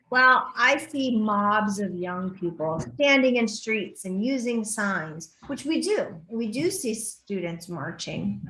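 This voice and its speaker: A woman's voice: medium pitch, fairly bright tone. A middle-aged woman speaking at an education forum, telling stories and acting out quoted exchanges. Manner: storytelling, acts out quoted exchanges. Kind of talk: forum talk. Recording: roomy echo.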